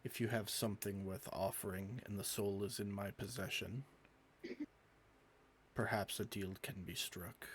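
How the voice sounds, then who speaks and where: A man voicing a haughty male ruler of a city, speaking in formal, measured threats. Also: fairly low pitch, steady tone, a little hiss or hum. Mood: bargaining.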